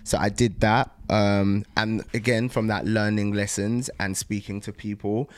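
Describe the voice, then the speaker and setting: A young adult man, a startup founder, talking casually in an interview, pausing often with ums and restarting sentences. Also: fairly low pitch, level tone, clean tone, no room sound. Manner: thoughtful, frequent um pauses and restarts.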